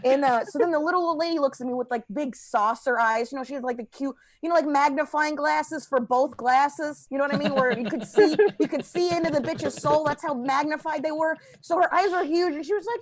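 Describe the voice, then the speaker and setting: A young woman with a high voice tears through a stand-up set, brash and profane. She laughs mid-line and drops into quieter voices to act out the people in her stories. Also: brisk, hardly any pauses, a little hiss or hum. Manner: acts out other people in a quieter voice. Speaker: stand-up comedian. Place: Los Angeles.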